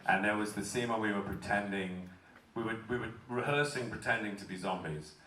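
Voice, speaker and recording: British male panel guest, lowish voice, loose and swearing, far-off echoey hall recording. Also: a little fast, bright, forceful tone. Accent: British English. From Britain. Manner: chatty, swears casually, self-deprecating. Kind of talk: convention Q&A, casual storytelling. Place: large convention hall.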